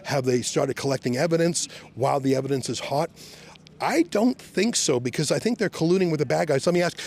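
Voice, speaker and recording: A man's voice: a little high, lively intonation, brisk, darkish tone, no room sound. A man reporting outdoors in the street, firing sarcastic, combative questions at police.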